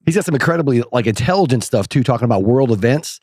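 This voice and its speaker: Man, easygoing comedy podcast co-host, mid pitch, dry studio sound. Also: lively intonation, quick pace, darkish tone, dry recording. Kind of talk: casual comedic chat.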